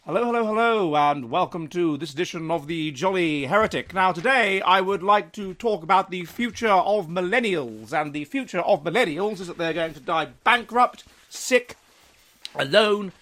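A man's voice: high-pitched, normal speed, fairly bright tone. A man hosting his own show and giving a lecturing, emphatic opinion monologue. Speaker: host. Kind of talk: reading aloud.

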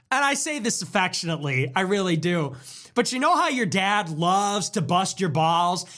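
Young male podcast host, high voice, ironic, profane, meandering solo talk. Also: fairly bright tone. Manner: profane, ironic and rambling, with mock voices for quoted people. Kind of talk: casual rambling monologue.

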